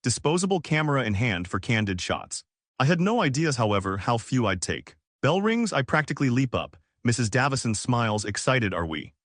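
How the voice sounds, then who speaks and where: A man's voice: mid-range voice, sing-song, brisk, fairly bright tone, dry recording, studio quality. A man narrating a first-person story in short, clipped fragments with a dramatic delivery.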